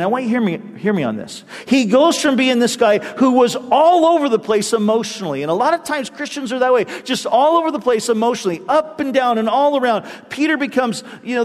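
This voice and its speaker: This pastor's voice is high, and the sound has the feel of a big room. His sermon becomes animated storytelling, with each quote performed in a different voice.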